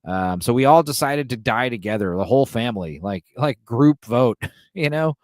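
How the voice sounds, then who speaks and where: A man's voice: mid-range voice, expressive, moderate pace, no room sound, studio quality. A man hosting a podcast, retelling a film's plot in a casual, irreverent, joking way. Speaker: podcast host. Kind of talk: casual film recap.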